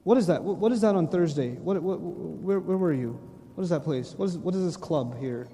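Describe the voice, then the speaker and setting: A man voicing a stern angel who suspiciously questions a person about their record, in a lower, quieter voice. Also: lively intonation, brisk, in a large hall. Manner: suspicious, probing interrogation.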